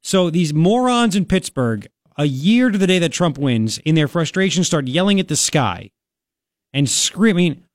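A man's voice: fairly high pitch, unhurried, no room sound, clean studio sound. Sarcastic male talk radio host. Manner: mocking, sarcastic, animated.

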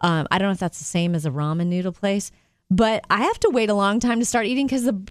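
A woman's voice: medium pitch, quick pace, clear, resonant tone, dry recording. Upbeat woman co-host, dry studio voice. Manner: upbeat, laughs often, teases co-host. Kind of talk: casual chat.

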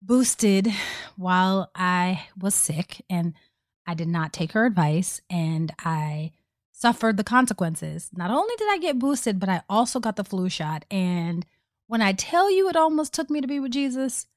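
Woman, mid pitch, earnest storyteller, podcast co-host, dry close sound. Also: expressive, a little slow, dry recording. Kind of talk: casual podcast chat.

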